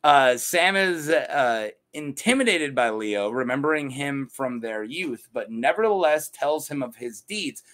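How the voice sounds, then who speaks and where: A man casually retelling fantasy lore as a channel host, jokey and animated, laughing at his own asides. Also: mid-range voice, a little slow, few pauses.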